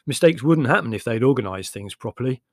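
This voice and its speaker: A man's voice: medium pitch, animated, fast, no room sound, clean studio sound, close to an everyday voice. A man reading an audiobook, voicing a blunt young Englishman who complains plainly. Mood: grumbling.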